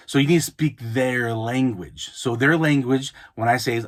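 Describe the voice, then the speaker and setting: A man's voice: medium pitch, steady tone, normal speed, few pauses. A man hosting an advice podcast, talking casually and often restarting his sentences. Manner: conversational, frequent restarts and repeated words. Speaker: podcast host, mobile notary. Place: Utah, United States.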